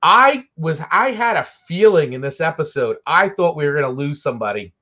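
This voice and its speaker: Brief: male co-host, mid-pitched, eager fan talk, muffled lo-fi line. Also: lively intonation, fairly quick, sharp tone. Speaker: podcast co-host. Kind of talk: casual chat about TV shows.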